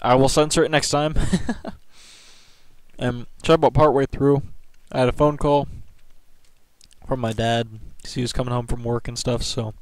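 A man's voice: mid-range voice, fairly even intonation, moderate pace, no echo, poor audio. A man giving casual, grumbling commentary over his own gameplay. He gets frustrated easily and keeps apologizing for it. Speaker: gameplay video host. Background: game gunfire and clicks.

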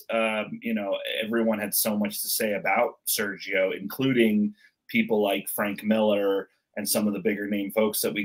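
A man's voice: on the low side, poor audio. A man hosting a casual chat, rambling with many fillers.

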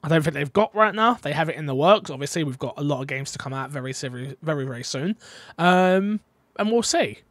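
A man's voice: a little high, animated, fairly quick, fairly bright tone, dry recording, studio quality. A man hosting a casual gaming podcast, playful and teasing as he reads out listener questions. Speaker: podcast host.

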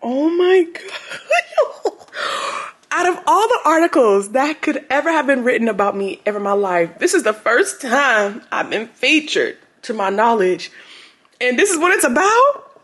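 A woman's voice: on the high side, sing-song, moderate pace, fairly bright tone, breathy edge. A young woman vlogging casually, often laughing and exclaiming in disbelief. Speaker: lifestyle vlogger. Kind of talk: casual vlog chat.

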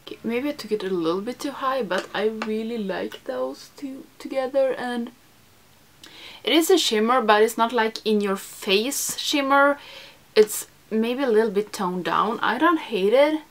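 This young beauty vlogger has a fairly high voice and a measured pace as she chats through a casual makeup tutorial. She's talkative and self-deprecating, uses lots of fillers, and slips into soft whispers while putting on makeup.

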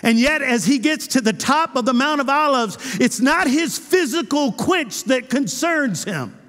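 Impassioned high-voiced pastor in a hall. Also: male voice, lively intonation, unhurried. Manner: impassioned preaching, swinging between loud cries and hushed intimacy. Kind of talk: sermon. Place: church sanctuary. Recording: church hall with long reverb.

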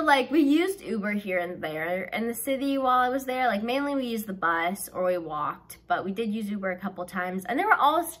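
A young woman from the American South, telling a story in a chatty, animated way and saying "like" constantly. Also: a little high. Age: young adult. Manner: chatty and animated, heavy use of "like". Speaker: vlogger. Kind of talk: storytime vlog.

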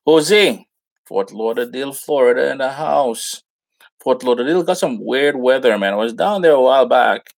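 A man with a Trinidadian accent hosting a live cooking chat show, greeting viewers by name in relaxed, slangy talk. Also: mid-range voice, normal speed, gravelly. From Trinidad and Tobago. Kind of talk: casual live-stream chat.

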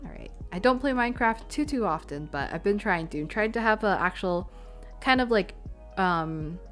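A woman's voice: medium pitch, animated, normal speed, a bit bright, faint music behind. Chatty young woman thinking aloud. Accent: Canadian English. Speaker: streamer. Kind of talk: casual live-stream chat while gaming. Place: home room, stepping away from the mic at times. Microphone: desk microphone.

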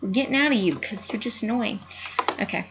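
A young woman giving casual gameplay commentary, excitable, swearing and yelling at the screen. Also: mid-range voice, fairly quick, dull audio, background noise. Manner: excitable, yells at the screen, frequent cussing. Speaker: gaming youtuber.

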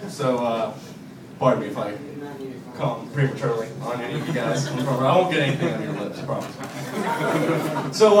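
A young man doing a stand-up set at an open mic in a bar and grill, loose and profane and chuckling through his lines. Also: on the high side. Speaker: comedian. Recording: echoey room from far off, crowd noise.

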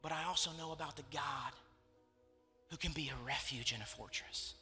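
A young man preaches in a large church hall, his bright, ringing voice carried by a long reverb over soft music. He tells his story with emotional, repeated phrases. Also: on the high side, normal speed. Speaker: pastor. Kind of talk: sermon.

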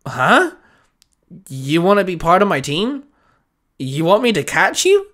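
A man playing a bold young firefighter hero from a storybook reading, calling out urgently in a raised, higher voice. brave and earnest, always pushing forward. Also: brisk, natural voice.

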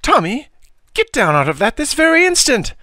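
A fretful middle-aged aunt calls out in a high, shrill voice, as a man puts her on for a storybook reading. Her scolding rises and falls sharply, and the recording is dry and close. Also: huge pitch swings, moderate pace, pushed and bright, dry recording, heavily acted. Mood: alarmed.

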